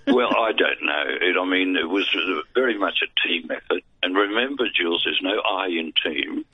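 A man's voice: sits low, lively intonation, normal speed, slightly rough, dry recording. An older Australian man with no teeth, rambling through self-deprecating stories as a guest on a phone line. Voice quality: gummy speech from having no teeth. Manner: rambling, self-deprecating storyteller with dry jokes. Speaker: guest, veteran broadcaster and voice artist. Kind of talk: casual anecdotal interview chat. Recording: tinny dry phone line.

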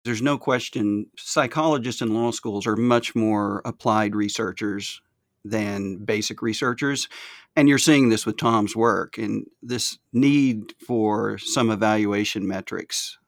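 A man with a Southern US accent co-hosting an academic podcast, explaining research in a measured way. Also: fairly low pitch, no room sound, clean studio sound. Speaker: podcast co-host. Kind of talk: academic discussion.

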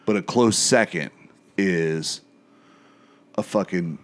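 A male host with a very deep voice who talks slowly and unhurriedly. He is laid-back and sprinkles in swearing, and he often stalls on "um" between his thoughts. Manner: laid-back, profane, with halting fillers. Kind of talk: casual chat.

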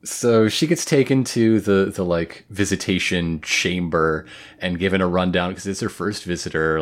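A man's voice: deep voice, normal speed. A man co-hosting a podcast, casually recapping an anime with playful jokes. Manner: joking, playful asides. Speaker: podcast co-host.

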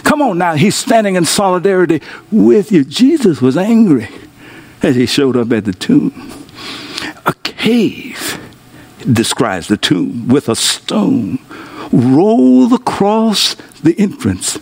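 A man preaching a sermon as pastor, calling on his online congregation to respond and swinging between soaring exclamations and low, intimate tones. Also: big pitch swings, measured pace, husky.

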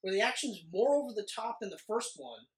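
A man's voice: high voice, big pitch swings. A man co-hosting a podcast, chatting casually and jokingly about a movie, rambling and laughing often. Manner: jokey, rambling, quick to laugh. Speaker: podcast co-host. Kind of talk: casual movie review chat. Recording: echoey room.

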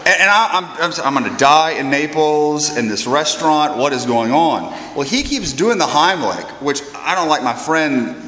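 Priest telling an animated story in an echoey hall. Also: male voice, a little high, moderate pace, few pauses, a little hiss or hum. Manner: animated, self-deprecating, stumbling repeats. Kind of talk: storytelling anecdote.

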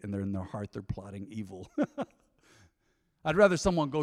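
A pastor preaching a sermon, swinging between loud emphasis and hushed asides. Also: male voice, fairly low pitch, big pitch swings, normal speed, long pauses, big-room sound. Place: church hall.

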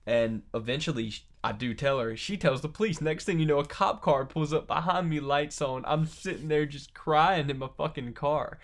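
A man's voice: on the high side, normal speed, few pauses. A tired young man, a musician being interviewed, telling long rambling stories, swearing freely and laughing between lines. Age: young adult. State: tired from long hours awake. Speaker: musician guest. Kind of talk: casual interview chat.

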